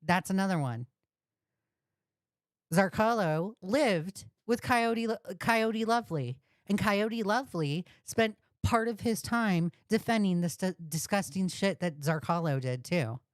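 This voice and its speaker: A woman's voice: medium pitch, measured pace, no echo, clean studio sound. A woman host ranting on a commentary livestream, profane and indignant, repeating insults. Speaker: commentary streamer.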